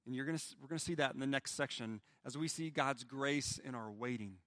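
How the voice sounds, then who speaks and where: A man preaching a sermon as pastor, swinging from loud pleading lines to hushed, quiet ones. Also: medium pitch, a little fast, dry recording, clean studio sound.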